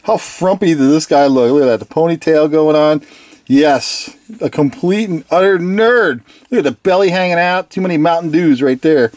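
A toy reviewer in a casual video review who giggles often, sounds excited, and playfully copies the toys' catchphrases. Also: mid-range voice, moderate pace, no room sound. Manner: giggly and enthusiastic, laughs often.

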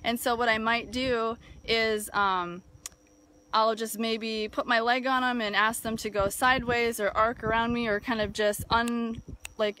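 A woman's voice: fairly high pitch, fairly bright tone. A woman hosting a live video about horse training, talking casually with many fillers, outdoors near a barn with a phone. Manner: thoughtful, many fillers and restarts. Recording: faint wind noise outdoors. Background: wind noise.

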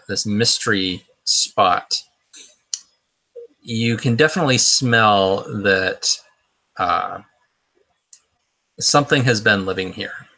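A man's voice: lowish voice, sharp tone. A man narrating a tabletop role-playing game as game master, in a hesitant way with many fillers and restarts.

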